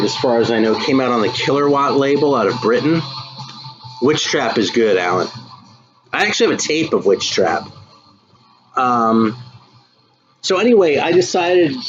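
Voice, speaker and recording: A man's voice: medium pitch, highs cut off. An American man hosting a live stream, chatting loosely about records and answering viewers, swearing freely and calling people dude and man. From United States. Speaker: live stream host showing metal records. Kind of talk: casual chat reading viewer comments.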